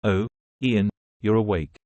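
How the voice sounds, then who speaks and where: A man's voice: fairly low pitch, steady tone, a little slow, a little mellow, no room sound, highs cut off, natural voice. A man voicing an earnest, worried male general who is grateful to his savior, in a storybook recap.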